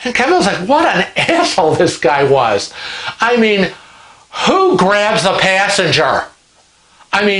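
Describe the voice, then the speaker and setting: Chatty man telling cruise stories. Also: high voice. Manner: animated, chatty, dramatizing. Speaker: vlog host. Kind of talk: casual storytelling. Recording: roomy echo.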